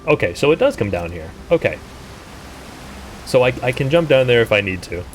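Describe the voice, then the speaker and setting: A man streaming a game live, thinking aloud and breaking into startled, high-pitched exclamations. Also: sing-song, fairly quick, a little hiss or hum. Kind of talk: live gameplay commentary.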